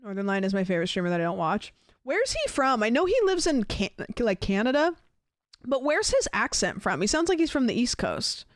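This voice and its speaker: A woman's voice: on the high side, very animated, brisk, dry recording, studio quality. A woman streaming a game live, chatting casually, rambling and curious with lots of fillers and questions. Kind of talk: casual live-stream chat while gaming.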